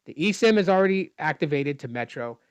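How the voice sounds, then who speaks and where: Here a man's voice sits on the high side, expressive and brisk, with a clean tone, no echo, and trimmed highs. In a casual, frustrated storytime, he recounts his customer service call, voicing the dialogue himself and digging into technical details at length.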